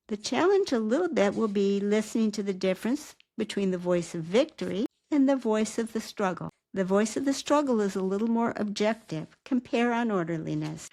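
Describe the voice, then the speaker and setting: A woman who teaches writing, giving a calm, measured recorded lecture and asking rhetorical questions. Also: medium pitch. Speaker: writing instructor.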